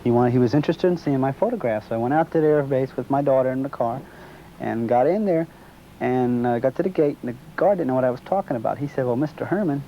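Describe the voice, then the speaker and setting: A man recounting a personal story in an interview, slipping into the voices of the people he quotes as he goes. His voice sits at an ordinary middle pitch. The recording is dull and lo-fi, with faint noise underneath. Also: fast. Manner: storytelling, acts out quoted dialogue.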